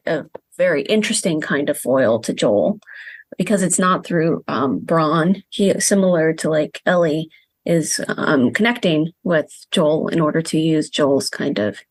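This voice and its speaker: A woman who is a media studies professor, discussing a TV episode in casual conversation with frequent pauses and fillers. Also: sits low, no echo. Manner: hesitant, many fillers like "um" and "like". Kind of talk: casual analytic chat.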